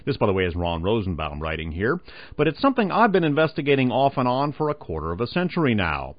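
A man's voice: mid-range voice, huge pitch swings, no echo. Male radio host, emphatic article reader, dry studio sound. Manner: measured, emphatic reading with asides. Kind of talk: reading a news article on air with commentary. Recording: dull lo-fi radio broadcast.

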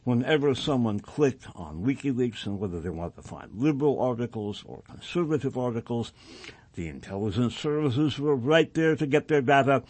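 A man's voice: medium pitch, a little mellow, dry recording. A male radio host reading passages aloud and adding sardonic asides on air.

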